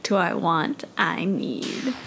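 A woman's voice: fairly low pitch, animated, slow, vocal fry. A woman co-hosting a podcast in casual chat, laughing often as she talks. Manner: giggly, laughs often mid-sentence. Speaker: podcast co-host.

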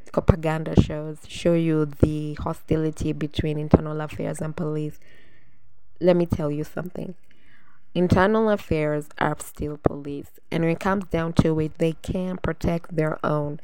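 A woman hosting a solo podcast, ranting bluntly and with profanity, breaking into sudden loud outbursts. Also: sits low, smooth, no echo, poor audio. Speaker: podcast host.

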